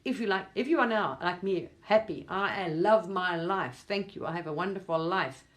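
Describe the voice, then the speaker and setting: A woman's voice: on the low side, moderate pace. A woman, talking to her viewers in a rambling, emphatic monologue, swearing casually now and then. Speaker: spiritual vlogger.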